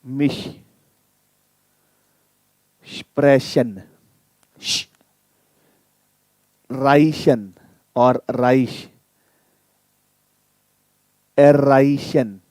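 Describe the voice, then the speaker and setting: A man teaching German in a live online lesson, repeating each sound slowly so viewers can copy it and inviting them to type in questions. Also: medium pitch, steady tone, a little mellow, no echo. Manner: addresses viewers directly, inviting typed questions.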